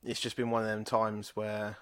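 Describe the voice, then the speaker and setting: A man in his thirties from England with a lowish voice, co-hosting a casual podcast. He drifts from one anecdote to the next, swearing freely and laughing along. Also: monotone, normal speed, fairly bright tone, smooth. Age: 30s. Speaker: podcast co-host. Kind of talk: casual chat.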